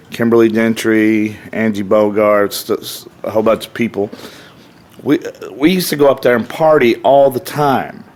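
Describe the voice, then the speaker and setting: A man's voice: lowish voice, a little mellow. A middle-aged man, a podcast guest telling rowdy, profane stories in a casual way. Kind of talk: casual storytelling.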